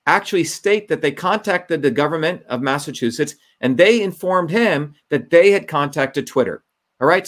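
A man's voice: on the high side, fairly bright tone. A man who is a Senate candidate, talking emphatically in an interview, repeating his points and often restarting his sentences. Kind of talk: interview talk, recounting a story.

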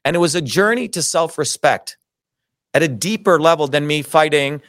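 Recorded with no room sound, a middle-aged man with a slightly high, somewhat bright voice speaks at normal speed. As an interview guest, he tells his own story with indignation and emphasis, cursing throughout.

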